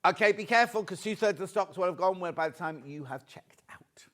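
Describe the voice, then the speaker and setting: A British man presenting a live shopping show, chatty and excitable as he reads out viewer messages. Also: high-pitched, brisk. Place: TV studio.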